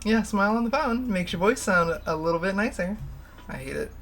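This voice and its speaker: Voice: medium pitch, animated, brisk, fairly bright tone. A livestream host chatting casually, rambling and candid, laughing often and swearing freely. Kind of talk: casual stream chat.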